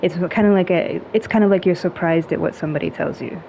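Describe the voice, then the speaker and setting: A woman talks in a casual, chatty way, full of "like"s and small humming sounds. Her voice sits a little low. The recording is dull and lo-fi with faint noise behind it. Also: quick pace, gravelly. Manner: relaxed, chatty, heavy use of "like" and hums; playful with tone, acting out little sounds. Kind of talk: casual chat.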